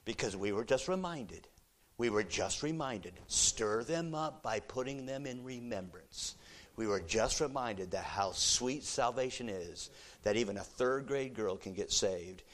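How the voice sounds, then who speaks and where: A man preaching a sermon in a church, telling a story with animated energy, moving between quiet, low asides and loud, excited exclamations. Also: unhurried.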